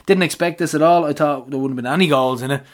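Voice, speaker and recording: An Irish man with a slightly higher voice co-hosts a laid-back football chat. He jokes and banters, slipping into quick impressions of people in his stories. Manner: joking, banter-heavy, mimics people. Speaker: podcast co-host. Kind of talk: casual chat about football.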